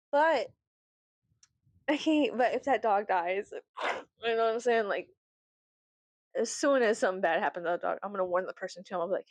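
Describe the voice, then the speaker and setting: A woman's voice: mid-range voice, moderate pace, long pauses, dry recording. A woman vlogger chatting casually, swearing often, breaking into laughter and theatrical outbursts. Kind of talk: casual chat.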